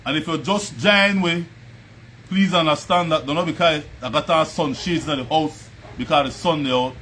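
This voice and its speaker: A man's voice: fairly high pitch, moderate pace, fairly bright tone, a little hiss or hum. A man with a Belizean Creole accent hosting a casual livestream, chatting, laughing often and greeting viewers by name. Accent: Belizean Creole English. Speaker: livestream host. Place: at home. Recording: music playing behind.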